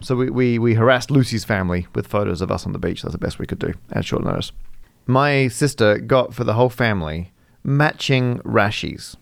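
A man's voice: mid-range voice, expressive, a little fast, vocal fry, no room sound. A man co-hosting a podcast, chatting casually and laughing through his stories. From Australia. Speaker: podcast co-host. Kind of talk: casual chat.

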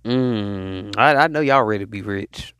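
A man's voice: on the low side, a bit bright, clear, resonant tone, no echo, studio quality. A man hosting his podcast, preaching. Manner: call-and-response exhortation, drawn-out hype. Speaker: podcast host. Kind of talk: motivational preaching monologue.

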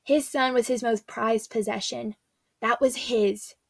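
A young woman with a fairly high voice gives an earnest, chatty devotional talk. She retells scripture in a casual, slangy storytelling way. The sound is close and dry. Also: fairly even intonation, measured pace, creaky, no echo. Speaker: faith speaker.

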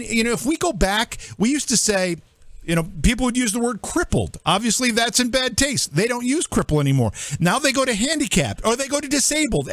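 A man's voice: very high-pitched, fairly bright tone, dry recording. A man hosting a political commentary show, reading out lists and tossing incredulous rhetorical questions to his co-hosts. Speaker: host.

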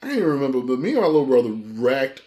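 A man chatting casually on a podcast, relaxed and slangy, reacting to a friend and then telling his own memory. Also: medium pitch, racing. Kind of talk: casual chat.

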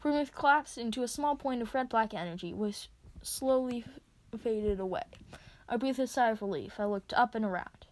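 Woman narrating her own story out loud, high voice, expressive. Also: moderate pace. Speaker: reader. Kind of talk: reading aloud her story.

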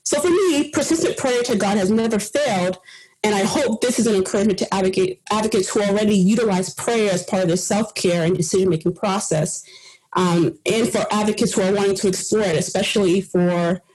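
A woman on a podcast team telling a personal story in an earnest, animated way, laughing here and there. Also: mid-range voice, brisk, husky, low-quality recording.

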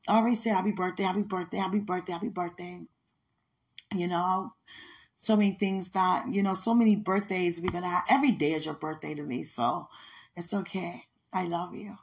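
A woman's voice: lowish voice, vocal fry, darkish tone. A woman in her late thirties talking in a casual monologue, affectionate and prayerful, often breaking into laughter. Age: late 30s. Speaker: podcaster.

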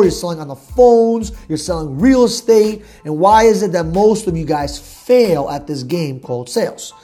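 Mellow-voiced man giving a blunt sales pep talk. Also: high voice. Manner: punchy, repetitive lists, blunt and profane. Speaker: sales coach.

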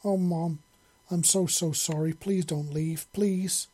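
A man's voice: on the high side, normal speed, dark tone, slightly rough. A man voicing a young female alien girl, sobbing and pleading with her mother. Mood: tearful pleading.

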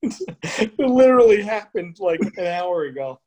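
High-voiced man telling lively anecdotes. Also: unhurried. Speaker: podcast co-host. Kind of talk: casual chat.

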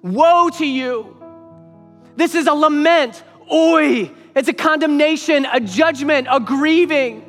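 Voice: high voice, slow, fairly bright tone. A preacher delivering an emphatic sermon, repeating phrases for weight, in a church sanctuary. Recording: long hall reverb with faint music.

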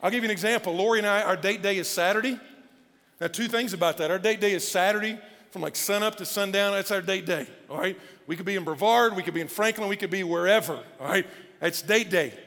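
A male pastor preaching a sermon in a conversational, animated way with casual asides, speaking. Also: sits high, fast talker. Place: church auditorium. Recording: long church hall reverb with faint music.

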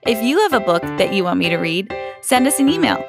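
A woman's voice: medium pitch, sing-song, brisk, music in the background. A woman hosting a podcast, reading a children's book aloud expressively, lingering on repeated phrases. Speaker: storybook reader, podcast host.

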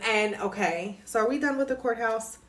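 A woman chatting casually as she recaps a soap opera, gossipy and animated, full of asides. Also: a little high, normal speed.

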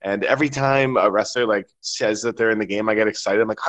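Man, podcast host, low voice, dry close sound, excited chatter. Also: fast talker, hardly any pauses, no room sound. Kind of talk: casual podcast chat.

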